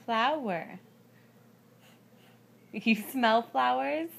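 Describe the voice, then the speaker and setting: A woman's voice: on the high side, very slow, vocal fry. A mother coaxing her toddler in baby talk, sing-song and often laughing.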